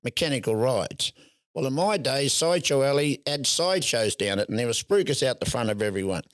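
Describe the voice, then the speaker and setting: A man's voice: medium pitch, lively intonation, brisk, a bit bright, no room sound, studio quality. An older man with an Australian accent, telling a rambling story as a guest in a casual interview. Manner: rambling yarn-spinner, acts out voices, laughs often. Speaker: guest, showman.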